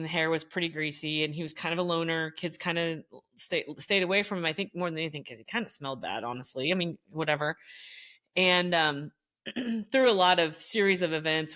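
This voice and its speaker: A middle-aged woman with a bright, vivid voice, talking through classroom memories as a guest on a conversation show. She tells her stories with energy, slipping into the voices of the people in them. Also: deep voice. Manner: animated, acts out quoted voices. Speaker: guest, former teacher. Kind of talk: storytelling in casual conversation.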